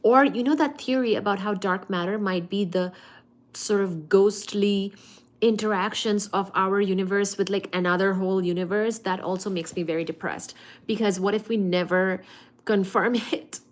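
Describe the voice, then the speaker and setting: A woman hosting a casual study-with-me livestream, chatty and expressive as she reads and answers viewer comments. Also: medium pitch, normal speed. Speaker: livestream host.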